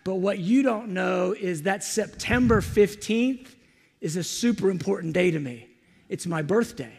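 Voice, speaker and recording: Male preacher, high and gravelly, animated storyteller. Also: a little slow, in a large hall. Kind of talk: storytelling sermon.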